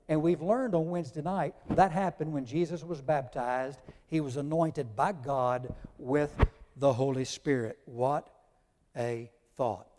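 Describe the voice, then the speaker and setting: A pastor with a somewhat high but dark-toned voice preaches emphatically to his congregation, spelling out Greek words as he teaches. Long hall reverb fills the recording.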